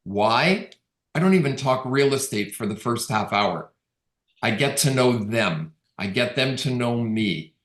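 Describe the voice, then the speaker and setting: Speaking over a video call with a roomy echo, a middle-aged Canadian real estate agent gives a conversational webinar talk. He tells stories and acts out quoted dialogue in a medium-pitched, expressive voice at a measured pace.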